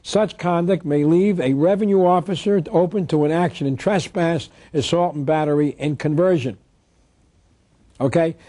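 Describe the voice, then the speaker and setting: A man's voice: a little high, moderate pace, warm tone, no echo. A man giving an instructional talk, emphatic, asking rhetorical questions and answering them himself. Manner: reads statutes aloud. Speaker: tax protest lecturer.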